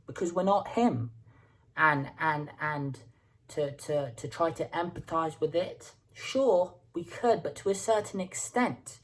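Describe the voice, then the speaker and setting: A woman's voice: low-pitched, slow pace. A woman hosting a music reaction video, talking casually and stumbling over repeated words as she thinks aloud.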